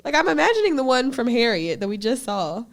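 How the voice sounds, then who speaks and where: A woman co-hosts a podcast in loose, joking conversation full of slang. Her voice sits a little high and swings widely in pitch. She talks in an animated way. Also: a little fast. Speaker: podcast co-host. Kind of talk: casual chat.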